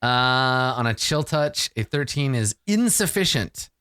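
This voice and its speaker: Male game master, animated pitch, dry close mic, chatty and quick to laugh. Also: clear, resonant tone, no room sound. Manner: lively, laughing, filler-heavy narration. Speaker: dungeon master. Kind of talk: narrating a tabletop game.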